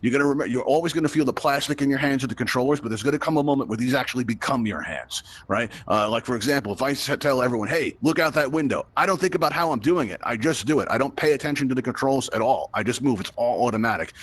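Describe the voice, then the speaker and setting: Fast-talking upbeat male VR instructor. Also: medium pitch, husky. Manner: upbeat, chatty, addresses the crowd with frequent "right?" checks. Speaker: VR event host and instructor. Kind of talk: live guided tutorial to a virtual crowd.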